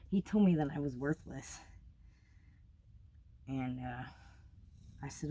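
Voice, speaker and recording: A young woman with a low-sitting voice recounts her travels at a normal pace, pausing often. Her telling is casual, blunt and heavily profane, and she grows animated as she relives the experience.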